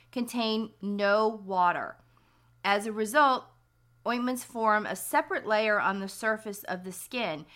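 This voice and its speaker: A woman hosting a podcast with a scratchy, slightly hoarse voice, explaining remedies step by step in a practical, instructional way. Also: mid-range voice, a bit bright. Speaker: podcast host.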